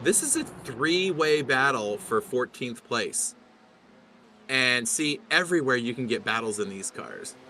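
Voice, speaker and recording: A man's voice: mid-range voice, expressive, unhurried, sharp tone, a little hiss or hum. A middle-aged man commentating a sim race, chatty and rambling, often laughing.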